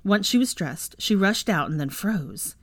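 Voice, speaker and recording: A woman reading fan fiction aloud as narrator, at an even, steady pace. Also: medium pitch, unhurried, no room sound, studio quality.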